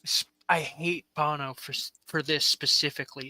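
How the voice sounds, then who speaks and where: Bright excitable man chatting. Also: fairly high pitch, moderate pace, hardly any pauses, no echo, poor audio. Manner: excitable, swears often. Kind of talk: casual chat.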